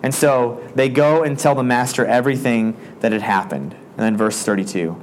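A man's voice: medium pitch, moderate pace, a little hiss or hum. Casual, conversational male preacher. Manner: conversational, frequent "like" fillers. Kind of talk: casual sermon retelling.

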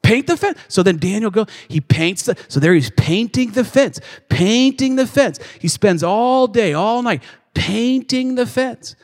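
A man's voice: sits high, lively intonation, unhurried. A male pastor preaching a sermon in a church, telling a story animatedly and acting out its scenes. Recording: long reverb of a large hall.

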